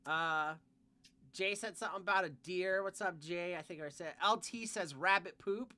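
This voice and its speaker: A man with a high, bright voice hosts a loose podcast chat. He reads viewer comments aloud and tosses in crude jokes. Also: moderate pace. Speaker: podcast host reading chat. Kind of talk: casual chat.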